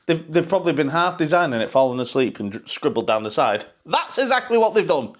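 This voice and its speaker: A man's voice: medium pitch, sing-song, fairly quick, hardly any pauses. A man ranting sarcastically and swearing freely in a football fan vlog. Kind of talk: pre-match fan vlog rant.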